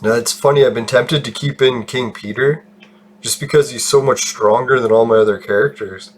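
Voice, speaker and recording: A man's voice: medium pitch, moderate pace. Gaming host, male, mid-range voice, loose rambling commentary with frequent laughs, faint background hiss. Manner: rambling, self-deprecating, laughs often and swears. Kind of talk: casual gameplay commentary.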